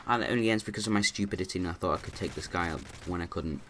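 Man, deep voice, casual gameplay commentary, rambling, slight background hiss. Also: rapid-fire, a bit bright. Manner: rambling, many restarts and fillers.

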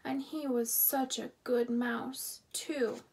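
A woman's voice: fairly high pitch, lively intonation, slow, slightly rough, exaggerated voice. A woman voicing a thoughtful, observant boy camper who speaks in a plain, matter-of-fact way while reading a storybook aloud.

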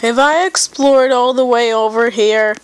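This gamer, a young woman whose nose sounds stuffed up, chatters through her play in a goofy, meandering, mock-dramatic way. She speaks unhurriedly in a somewhat high voice, over a rough recording with a bit of hiss or hum.

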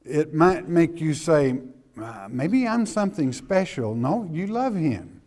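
Male preacher, middle-aged, slow folksy sermon, emphatic, keeps checking in with his listeners. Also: fairly high pitch, big pitch swings, a little mellow. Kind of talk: expository sermon.

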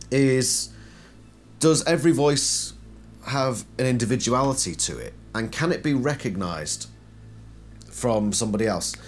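A man's voice: mid-range voice, a little hiss or hum. A man giving a casual explanatory commentary, posing questions and then answering them himself. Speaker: video essayist.

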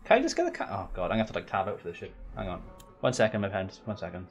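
A man's voice: fairly low pitch, wildly swooping pitch, racing, gravelly, dull audio, faint music behind. A man chatting casually on a gaming live stream. He jokes, swears freely and talks to his viewers as he goes.

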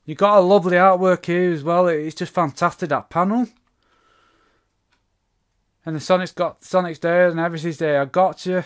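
A man's voice: sits high, fairly even intonation, moderate pace, long pauses, clean tone. A man giving a casual spoken review of a comic book issue, rambling with many fillers and restarts.

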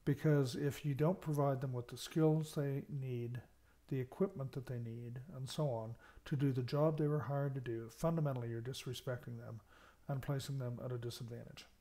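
With a mellow, steady, mid-range voice and a moderate pace, an American university lecturer presents a recorded management lecture. He breaks down his points, leans on key words, and checks in often with "okay."

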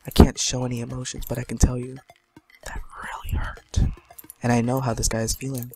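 A man's voice: medium pitch, little pitch movement, fast, creaky, noisy background. A man giving jokey let's-play commentary, talking to his viewers and teasing himself as he plays. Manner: joking, self-mocking, talks to viewers. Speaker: gaming commentator.

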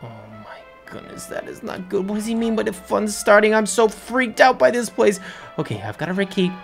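A young woman narrates her game play in a lively, swooping voice, excitable and prone to nervous stammers and rambling asides. Faint music runs beneath her. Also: mid-range voice, fairly quick, creaky. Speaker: game video host playing a character.

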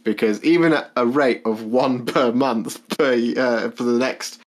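A man's voice: mid-range voice, unhurried. A man co-hosting a podcast in casual, rambling chat with lots of self-corrections. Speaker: podcast co-host.

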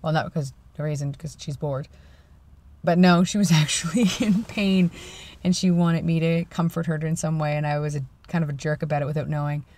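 A man's voice: fairly high pitch, fairly even intonation, a little fast, a little mellow. A young man in his twenties, vlogging casually in a rambling, self-deprecating way. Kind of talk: casual vlog chat.

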